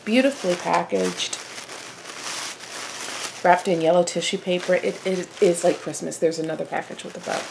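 A woman with a gravelly edge to her voice chats through a craft haul at home, excited and gushing, now and then slipping into a hushed whisper. Her pitch sits in the middle, and faint noise hangs under the camera mic. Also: moderate pace, pauses often. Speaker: flosstube host. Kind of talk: casual haul vlog.

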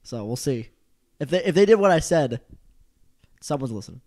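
A young man with a loud voice and a slightly high pitch, talking wrestling in a casual podcast. He laughs a lot, argues playfully and gets worked up. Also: normal speed. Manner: animated, laughs often, teasing and argumentative. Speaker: podcast co-host.

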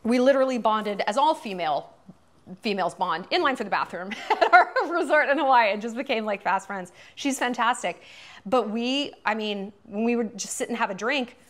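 Chatty, animated woman host. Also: a little high, moderate pace. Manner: chatty, profane, animated, lots of fillers. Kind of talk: casual commentary monologue.

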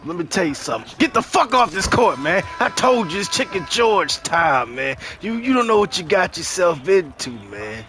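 A cocky, older-sounding streetball man taunts and boasts in profane trash talk, as a man puts on the voice. His voice sits high for a man. He talks in game voice chat. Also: very animated, normal speed, hardly any pauses, pushed and bright, soft background music, full character voice. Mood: taunting.

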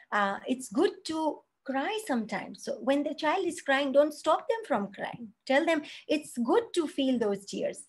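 A woman teaching a parenting class, explaining step by step and acting out example phrases, often checking in with "right?" and "okay?". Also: fairly high pitch. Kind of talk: spoken parenting lesson.

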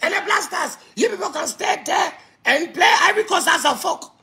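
Ghanaian lady ranting for laughs, bright sharp voice, yelling a lot. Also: very high voice, expressive, normal speed, creaky. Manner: ranting, shouting, laughing between lines. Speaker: comedic content creator. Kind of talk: comedic rant to camera.

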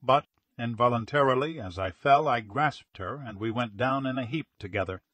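A man's voice: medium pitch, moderate pace, fairly bright tone, no echo, natural voice. A man voicing an earnest young jewelry salesman who speaks in a formal, insistent way, read as an audiobook character. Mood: recounting.

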